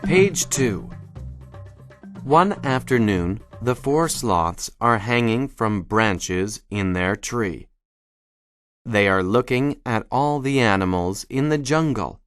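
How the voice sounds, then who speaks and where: A narrator reading a children's storybook aloud in a scripted, lively way, calling out the characters' cries. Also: medium pitch, slow pace, dry recording. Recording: dry studio with soft music behind.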